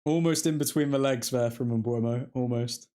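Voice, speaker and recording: A man's voice: medium pitch, normal speed, dark tone. A man hosting a live football watchalong, reacting to the play as it happens and chatting with his viewers. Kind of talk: live match commentary and fan chat.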